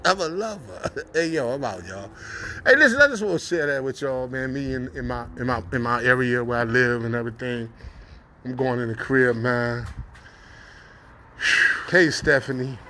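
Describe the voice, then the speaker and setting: Laid-back man with a bright voice. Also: mid-range voice, moderate pace, pauses often, slight background noise. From North Carolina. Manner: laid-back slangy street talk, laughs often. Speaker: vlogger. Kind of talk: casual vlog talk to camera. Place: outdoors on a city street.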